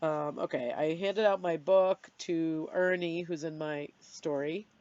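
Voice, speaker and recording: A woman's voice: steady tone, unhurried, a little mellow, clear, resonant tone. Tearful middle-aged woman venting on camera. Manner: emotional, venting, self-deprecating with sudden high outbursts. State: tearful, blowing her nose. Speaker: vlogger. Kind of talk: candid personal vlog. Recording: dry, dull lo-fi sound.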